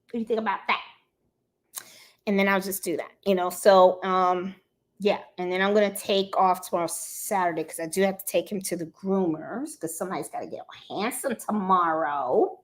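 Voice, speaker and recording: A woman's voice: on the low side, fairly even intonation, moderate pace. A woman from Puerto Rico hosting a casual craft livestream, chatting and greeting viewers by name as she reads their comments. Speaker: craft channel host.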